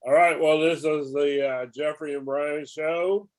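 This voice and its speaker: A man hosting a casual podcast chat, signing off in a relaxed way. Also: fairly high pitch, measured pace. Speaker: podcast host.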